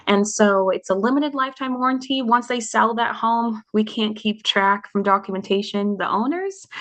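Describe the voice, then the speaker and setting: A woman guest in an interview, confidently explaining a product in a sales-minded way. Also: medium pitch. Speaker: market development manager, guest. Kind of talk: interview answers.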